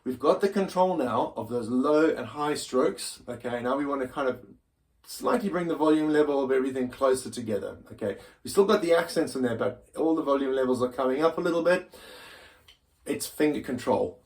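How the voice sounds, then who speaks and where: With a medium-pitched, animated voice and a brisk delivery, a man leads an informal drum lesson, loose and self-mocking and prone to restarting sentences. Behind him, a drum kit is being played, filling the recording with loud drums and music.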